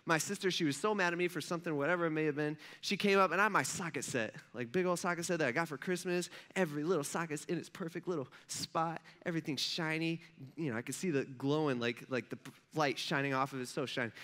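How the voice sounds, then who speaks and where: Bright-voiced man telling a sermon story. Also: on the high side, quick pace. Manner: animated, conversational, asks the audience questions. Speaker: pastor.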